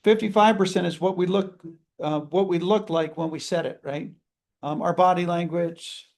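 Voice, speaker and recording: A man's voice: sits high, moderate pace, a little mellow. A man leading a customer service training seminar, speaking energetically and acting out sample greetings.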